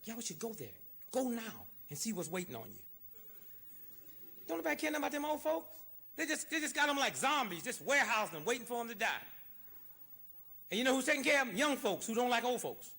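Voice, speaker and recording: A man giving an impassioned, sarcastic lecture, swinging between shouting and hushed asides. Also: extremely high pitch, sing-song, brisk, pauses often. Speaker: public speaker. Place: lecture hall.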